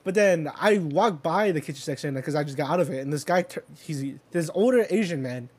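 Here a young man's voice sits on the high side, expressive and slightly rough, moving a little quickly. In relaxed conversation he spins a meandering tale heavy with filler words and swearing, chuckling while he tells it.

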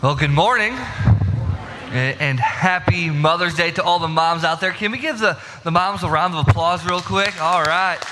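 A man's voice: high voice, unhurried, noisy background. A young man preaching a sermon in a casual, chatty way, talking straight to his congregation in a church sanctuary. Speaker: pastor. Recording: long reverb of a large hall.

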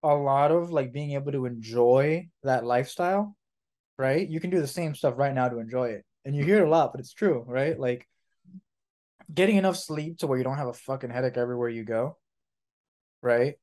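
A man with an ordinary middle-pitched voice, co-hosting an informal podcast. He rambles and restarts, swears without a second thought, and acts out his grumpy inner monologue in a mocking tone. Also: brisk, a little mellow. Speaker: podcast co-host. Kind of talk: casual podcast chat.

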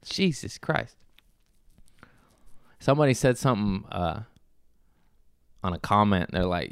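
A man's voice: lowish voice, lively intonation, measured pace, creaky, long pauses, clear, resonant tone, no echo, studio quality. A man in his thirties telling a rambling, profane story in a casual chat, laughing often and restarting his sentences. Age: 30s. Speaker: podcast host. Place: Los Angeles.

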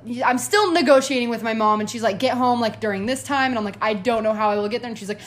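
Young woman co-host, kinda high voice, rambly and giggly. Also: quick pace. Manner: chatty storytelling, filler-heavy, giggly. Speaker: podcast co-host. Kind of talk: casual chat.

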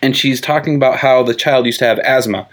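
A man co-hosting a podcast, casually retelling a comic story in a rambling way and dropping into quick voices for the characters. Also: medium pitch. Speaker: podcast co-host. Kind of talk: casual chat recapping a comic book. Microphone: tabletop mic across from co-host.

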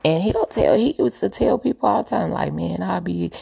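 A woman's voice: mid-range voice, lively intonation, fairly quick, creaky, mellow, husky. A woman telling a personal story candidly, emphatic and repeating her points with preachy asides.

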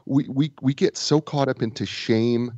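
A man co-hosting a casual talk show and author of a book, telling stories with animated repetition and false starts. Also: mid-range voice, moderate pace, dry recording, dull audio. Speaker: podcast co-host and author. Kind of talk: casual chat.

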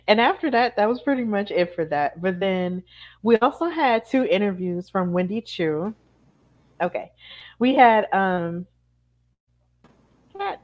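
A woman's voice: medium pitch, a little slow, long pauses. Chatty woman recapping wrestling. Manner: chatty, animated retelling with acted-out quotes. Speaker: podcast co-host. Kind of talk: casual wrestling recap chat.

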